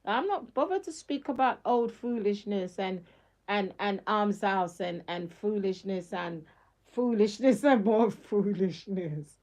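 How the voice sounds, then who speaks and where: A woman's voice: mid-range voice, measured pace, a little mellow. A middle-aged woman, talking on a casual live stream in an emphatic, slangy way and laughing often.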